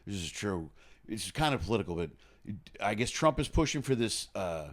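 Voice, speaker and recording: A man's voice: fairly low pitch, sing-song, normal speed. A man hosting a podcast, chatting casually in a rambling way with frequent restarts. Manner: rambling, laughs often, many restarts. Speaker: podcast host. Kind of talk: casual chat.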